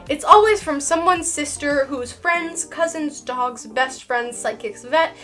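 High-voiced, playful woman. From Canada. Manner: lively, playful and sarcastic, with dramatic emphasis. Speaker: reptile educator and channel host. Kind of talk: educational video explaining science.

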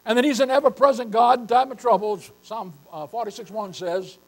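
High-voiced older male pastor preaching. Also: fairly quick, vocal fry, rough recording. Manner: emphatic, repeatedly addressing listeners as beloved. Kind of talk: sermon.

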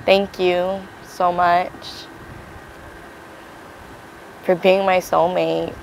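A woman's voice: on the low side, level tone, extremely slow, vocal fry, slight background noise, low-quality recording. A young woman recounting her engagement in a casual interview, playful and affectionate, acting out remembered exchanges. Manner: playful, acts out quotes, affectionate. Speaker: bride-to-be interviewed for an engagement video.

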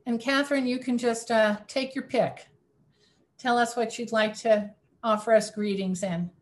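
Slow, gentle woman leading online service. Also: a little high, steady tone. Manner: gentle, inviting, unhurried. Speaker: service leader. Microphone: video call.

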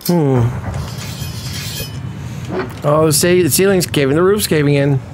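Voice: mid-range voice, takes it slowly, background noise. A gaming channel host giving playful let's-play commentary, with mock-panicked cries and teasing calls to other players.

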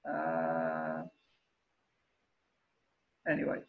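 A male architect hosting an informal online lecture, talking in a halting way with many fillers and restarts, frank and wryly opinionated. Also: extremely low pitch, big pitch swings, narrow, tinny audio. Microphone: video call microphone.

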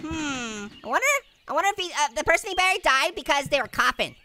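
A performer voicing a hyper, wisecracking male talking orange in a pitched-up, squeaky voice, taunting and giggling while commenting on a game. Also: animated, quick pace, a little hiss or hum. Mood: mischievous. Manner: taunting, loud exclamations, frequent laughs. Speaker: let's play host. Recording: loud game music behind the voice. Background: loud game music.

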